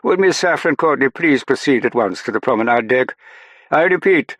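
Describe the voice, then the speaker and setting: A man's voice: mid-range voice, lively intonation, moderate pace, a bit bright, breathy edge, no echo, pitched above the performer's own voice. Guy putting on a posh english aide, clipped, impatient, dry close sound. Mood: announcing. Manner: clipped and urgent.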